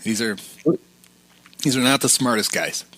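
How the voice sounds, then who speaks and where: A man's voice: medium pitch, measured pace, a bit bright. A man co-hosting a film podcast who recaps scenes in a casual, conversational way. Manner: recaps the plot and acts out quotes. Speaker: podcast co-host.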